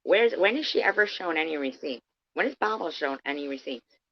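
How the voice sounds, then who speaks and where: A woman whose voice sits low speaks animatedly and a little fast, confronting her critics head-on in an angry, profane livestream rant. She addresses them directly in a heated, confrontational manner, and the stream audio sounds dull and lo-fi.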